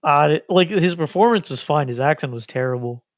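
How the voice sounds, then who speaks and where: A man's voice: a little high, expressive, normal speed, no room sound. A young man co-hosting a podcast, giving opinionated, slangy remarks in casual chat. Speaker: podcast co-host.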